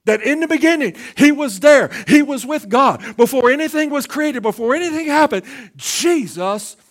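A man preaching in a church in a fairly high voice. He drops to hushed, low phrases and then climbs into loud, emphatic bursts. He often trips over and repeats his first words as he starts a line. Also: lively intonation, normal speed. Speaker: pastor. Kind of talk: sermon.

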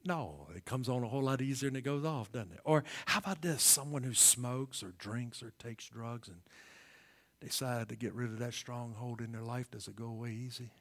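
A male pastor preaches a sermon in a folksy style, asking the congregation questions and moving from hushed whispers to loud emphasis. His pitch is medium and his pace moderate.

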